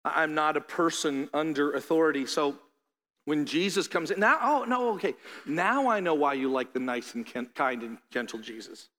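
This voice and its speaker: A man preaching a sermon as a pastor, animated, acting out the voices of his listeners. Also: a little high, normal speed. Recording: long hall reverb.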